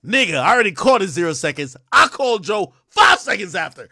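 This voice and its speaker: Male streamer host, bright high voice swinging wildly, loud profane rants to chat, dry close sound. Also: brisk, dry recording. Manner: loud, excitable, shouts and laughs often; profane, addresses chat directly. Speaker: livestream host. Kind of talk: casual livestream rant.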